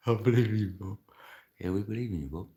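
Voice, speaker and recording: A man's voice: lowish voice, warm tone, lo-fi sound. A man from London hosting a live stream, rambling casually, laughing often and answering viewer chat.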